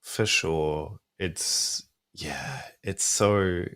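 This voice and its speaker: A man's voice: deep voice, drawn-out words, bright, forceful tone, no room sound, clean studio sound. A young adult man with an Australian accent, chatting thoughtfully about film music as a podcast guest, with many fillers. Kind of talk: casual podcast discussion.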